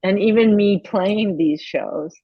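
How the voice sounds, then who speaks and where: A woman's voice: medium pitch, slow pace, husky, dry recording, dull audio. A woman in her fifties, a guest musician in a casual interview, telling candid, profane stories with plenty of feeling. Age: 50s. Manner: profane, candid, emotional storytelling.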